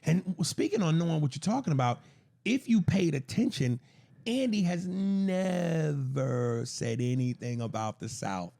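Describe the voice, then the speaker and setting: Gravelly guy on a podcast, pitch swinging all over, loud crude banter. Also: measured pace. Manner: loud, animated and crude, jumps pitch for emphasis. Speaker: podcast co-host.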